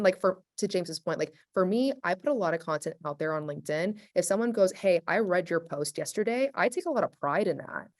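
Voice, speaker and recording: A woman on a webinar panel whose voice is lower than most women's. She talks in a chatty, energetic flow, full of casual fillers.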